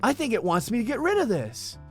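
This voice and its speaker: A man casually commentating a video game, excitable and chatty, often talking straight to his viewers. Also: very high voice, a little fast, husky, faint music behind. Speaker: gameplay video host. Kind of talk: casual let's-play commentary.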